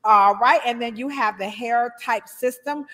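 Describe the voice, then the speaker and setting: A woman's voice: a little high, a little slow. Woman, live-stream host, chatty, playful, reverberant room. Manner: chatty, animated shout-outs with playful asides. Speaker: hairstylist hosting a live show. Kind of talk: casual live-stream chat.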